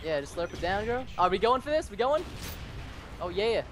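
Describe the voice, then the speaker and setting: A man's voice: sits high, very animated, normal speed, fairly bright tone, slight background noise. A man giving playful gameplay commentary, calling out enemies and teasing his partner. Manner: playful, laughs often, teasing callouts. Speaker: gaming co-host.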